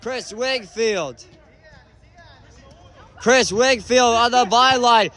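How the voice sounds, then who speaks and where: A man calling an indoor soccer match live, his high voice bright and cutting. He speaks at an unhurried pace between bursts of excited shouts and exclamations. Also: a faint crowd. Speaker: amateur match commentator. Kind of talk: live play-by-play commentary.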